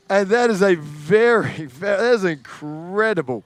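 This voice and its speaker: Male play-by-play caller, excitable; smooth, clear voice, dry close sound. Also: high-pitched, a little slow, hardly any pauses, no echo. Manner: excitable, building to shouts on big moments. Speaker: sports commentator. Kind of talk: live sports commentary.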